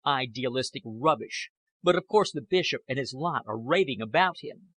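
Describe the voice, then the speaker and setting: A man voicing a cold, scheming man who answers curtly and evasively, in a husky voice. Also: mid-range voice, expressive, a bit bright, no room sound. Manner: measured, curt replies.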